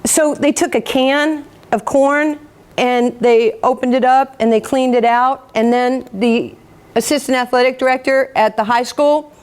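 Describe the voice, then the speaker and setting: A New York-raised woman in her fifties gives a lively motivational speech to a group. She acts out the people in her stories and pokes fun at herself. Her voice sits fairly high. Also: unhurried. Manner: animated, acts out quotes, self-mocking humor. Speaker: motivational speaker.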